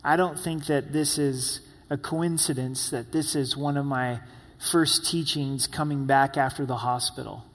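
A man preaching a sermon as pastor, earnest and repeating key words for emphasis. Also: fairly high pitch. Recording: long hall reverb.

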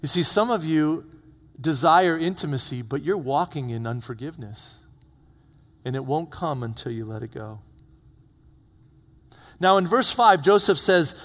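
Man, pastor, sermon, slightly high voice, dramatic storytelling, hushed drops, long church reverb. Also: expressive, unhurried.

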